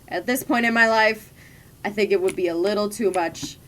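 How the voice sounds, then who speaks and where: A young adult woman streams a game and meanders through tales of her previous jobs, chatting casually and laughing frequently. She speaks at medium pitch and moderate pace, with slight background noise.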